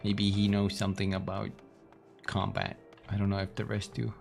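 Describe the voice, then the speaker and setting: A man's voice: lowish voice, monotone, normal speed, creaky, a little mellow, faint music behind. A man casually commenting on his game stream, with self-deprecating asides.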